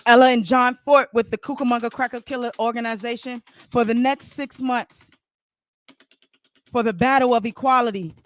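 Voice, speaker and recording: A man's voice: very high-pitched, fairly even intonation, moderate pace, fairly bright tone. Rambling male storyteller. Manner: loose, rambling, with asides to listeners. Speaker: podcast host. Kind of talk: comic improvised storytelling.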